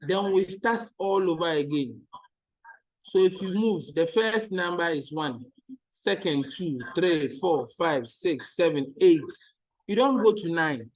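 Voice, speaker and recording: A man's voice: on the high side, animated, measured pace, low-quality recording. A man teaching maths in an online lesson, patiently repeating each step and checking that the students follow.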